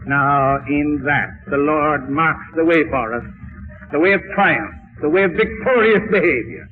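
A middle-aged man delivers an old-time revival sermon, his fervent oratory swelling into high, ringing emphasis. His voice sits fairly high for a man. It comes through a distant, tinny old radio broadcast that is thin and far from the mic. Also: animated, measured pace. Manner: fervent oratory with soaring emphatic peaks and repetition. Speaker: preacher.

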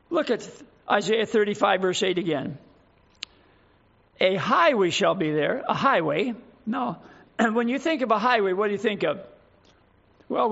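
A male pastor preaching a sermon, reading scripture slowly with emphasis and putting questions to his congregation. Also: high-pitched, creaky, a bit bright, lo-fi sound.

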